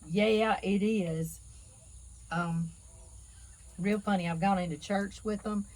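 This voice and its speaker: This rough recording captures a middle-aged Louisiana woman speaking slowly and steadily, her medium-pitched voice a little mellow. As a talkative cooking channel host with a Southern drawl, she addresses her viewers as y'all from an outdoor canning kitchen porch.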